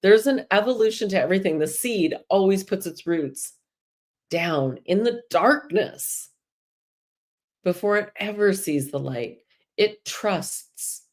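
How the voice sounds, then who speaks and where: A woman's voice: medium pitch, lively intonation, slow pace, a little mellow. A woman hosting a live spiritual energy show, talking casually and chattily to viewers and laughing often.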